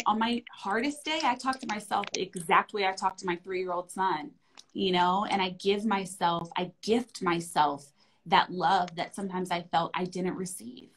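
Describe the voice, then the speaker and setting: A woman in her thirties talking in a gentle, affirming and soothing way in a heartfelt conversation. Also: mid-range voice, slightly rough, low-quality recording. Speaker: wellness guest.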